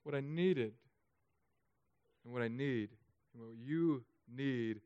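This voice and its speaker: A man's voice: mid-range voice, takes it slowly, clear, resonant tone, dry recording, lo-fi sound. Emotional male pastor with a dry close sound. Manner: emotional, swings from loud urging to soft and hushed. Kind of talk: sermon.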